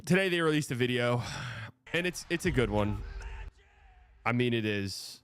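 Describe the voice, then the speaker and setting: A man's voice: mid-range voice, lively intonation, moderate pace, fairly bright tone, clear, resonant tone. A man hosting a live stream, talking through sports news in a frank, rambling way, swearing often and restarting sentences. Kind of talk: casual live-stream commentary.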